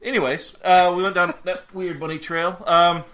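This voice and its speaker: A man's voice: sits high, little pitch movement, moderate pace, a bit bright. A man co-hosting a fan podcast in casual chat, thinking aloud and rambling off on side tracks. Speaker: podcast co-host.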